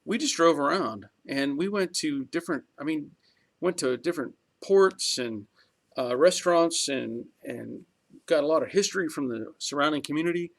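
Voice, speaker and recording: A man's voice: a little high, moderate pace, creaky. A middle-aged man hosting a garage channel, chatting casually on a live stream and reading viewer comments in a talkative, rambling way with chuckles.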